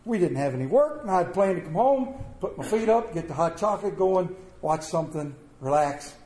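A middle-aged man tells a personal story to an audience in a folksy, animated way. His voice is mellow and pitched a little high for a man. He is recorded in an echoey room with faint ambience behind him. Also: brisk. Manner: folksy, animated, with a rural drawl in his wording.

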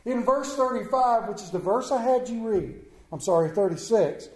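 A man's voice: high-pitched, expressive, normal speed, darkish tone. A man preaching a sermon in a church, emphatic and plain-spoken, with rhetorical questions, repeated phrases and folksy asides. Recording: echoey room.

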